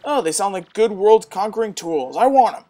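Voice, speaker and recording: Donna che fa un re tartaruga burbero che ringhia. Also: female voice, medium pitch, expressive, moderate pace, close to an everyday voice. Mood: blustering. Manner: growling, bossy, shouting. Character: blustering hot-tempered male turtle king.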